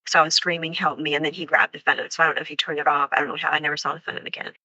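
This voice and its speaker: A woman recounting a frightening attack in an unscripted interview, halting and full of fillers, acting out what was said. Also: sits low, level tone, pushed and bright, no room sound, muffled recording. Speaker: crime survivor recounting an attack.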